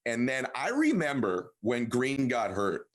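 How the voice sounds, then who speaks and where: A middle-aged man hosting an interview, talking with enthusiasm and breaking into excited fast bursts. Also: mid-range voice. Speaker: podcast host. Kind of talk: conversational interview.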